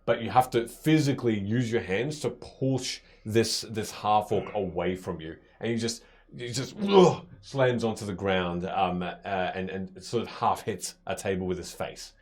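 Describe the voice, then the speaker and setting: Low-voiced man running a tabletop game. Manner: halting, many fillers and restarts. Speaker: game master.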